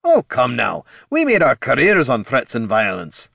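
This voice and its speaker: A growling, blunt dwarf warrior, played by a man narrating a storybook, a little raised and punchy over the narrator's low voice. The pitch swings widely. It is a close, dry recording. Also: wildly swooping pitch, normal speed, creaky, a bit bright, husky, no echo, full character voice. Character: gruff battle-hardened male dwarf warrior.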